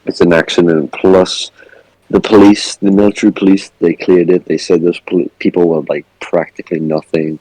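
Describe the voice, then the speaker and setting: A man answering interview questions in a deadpan comedic style, flat and matter-of-fact. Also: low voice, normal speed, no room sound, poor audio. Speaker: interview guest.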